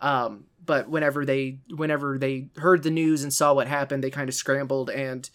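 A man's voice: medium pitch, steady tone, moderate pace, a bit bright. A man co-hosting a casual podcast, talking in an easygoing, rambling way with many fillers. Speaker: podcast co-host.

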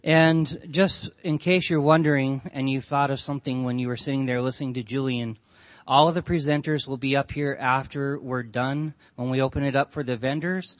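A man's voice: mid-range voice, fairly even intonation, moderate pace, dry recording. Man emceeing a conference event. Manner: informal, with many fillers. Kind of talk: announcements at a conference.

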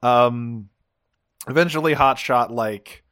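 A man's voice: mid-range voice, slow pace, clear, resonant tone, dry recording. A man in his usual middle register co-hosting a loose recap chat, swearing freely as he retells scenes. The recording is dry and close, with no room sound. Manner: swears a lot, animated retelling. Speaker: podcast co-host.

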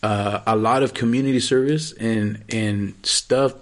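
A man's voice: lowish voice, steady tone, a little slow. A man in casual podcast chat, talking loosely with plenty of swearing and laughter. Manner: loose, profane, laughing, playful.

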